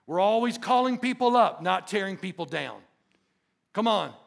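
Gravelly-voiced high-pitched male pastor preaching. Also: animated, moderate pace. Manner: emphatic preaching with call-and-response asides. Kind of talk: sermon. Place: church sanctuary.

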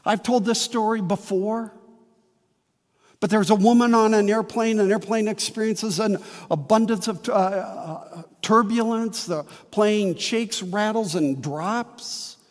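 A man preaching a sermon as a pastor, earnest and emphatic, with slow dramatic pauses. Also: high voice, long reverb tail.

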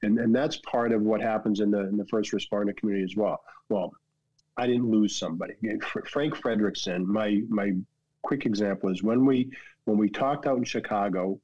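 A man's voice: fairly low pitch, fairly even intonation, brisk, a little mellow, no echo, muffled recording. A man with a Boston accent, a podcast guest talking candidly and emphatically, often repeating words as he restarts sentences. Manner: earnest and emphatic, frequent word repeats and restarts. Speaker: podcast guest, foundation founder. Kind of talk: candid conversational interview.

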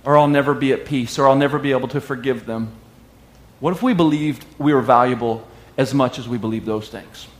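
A man preaching a sermon with lively call-and-response and bits of song. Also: medium pitch, brisk. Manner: animated preaching with call-and-response and sung lines. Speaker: pastor. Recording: echoey room.

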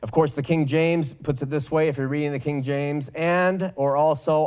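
A man teaching a verse-by-verse Bible study, slowly working through Greek wording and often checking in with "okay?". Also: a little high, steady tone, darkish tone, clear, resonant tone. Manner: slow, deliberate reading of Greek with frequent "okay?" checks.

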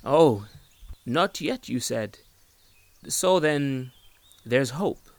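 A man's voice: medium pitch, animated, very slow, gravelly, dry recording, exaggerated voice. A man voicing an eager young suitor, cheerful and pleading, in a storybook reading. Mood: hopeful. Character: eager lovestruck young man courting her.

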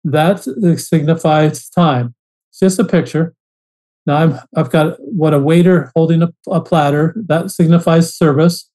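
A man's voice: a little high, fairly even intonation, unhurried, hardly any pauses, dark tone, rough recording. A man as a podcast guest, telling his story earnestly in a casual interview, often restarting phrases.

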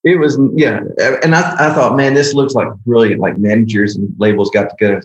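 A man who is a worship singer-songwriter, guest on a podcast, telling a story in a casual, animated way and acting out the people in it. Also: medium pitch, fairly quick, muffled recording. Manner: animated, acts out quoted dialogue. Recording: roomy echo.

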